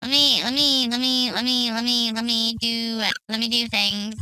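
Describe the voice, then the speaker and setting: A woman's voice: on the high side, flat delivery, moderate pace, pushed and bright, clean tone, dry recording, low-quality recording. A woman streaming at home with a cat on her lap, chatting playfully and greeting her viewers one by one. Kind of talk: casual live-stream chat.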